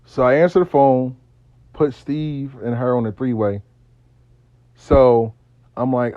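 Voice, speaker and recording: A man's voice: mid-range voice, a little slow, long pauses, no echo. Slangy profane male storyteller, lo-fi. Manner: slangy, profane, animated retelling. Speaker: storyteller, spiritual practitioner. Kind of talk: casual storytelling.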